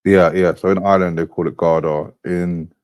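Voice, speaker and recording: Very deep-voiced curious man. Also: little pitch movement, moderate pace, no room sound, lo-fi sound. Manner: curious, keeps asking questions. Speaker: podcast co-host. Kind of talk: casual banter.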